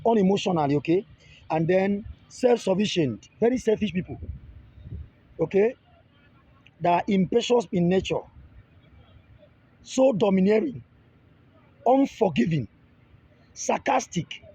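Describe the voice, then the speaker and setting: A man's voice: high voice, warm tone, husky. A man, teaching in a casual monologue, often repeating and restarting phrases and pleading with viewers. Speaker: relationship video creator. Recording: dull lo-fi audio.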